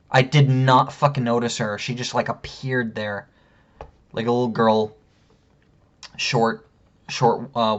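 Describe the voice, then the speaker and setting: Fired up guy ranting and swearing a lot, mid-pitched voice, kinda muffled lo-fi audio. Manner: heated, profane and indignant. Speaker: vlogger. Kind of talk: angry storytime rant.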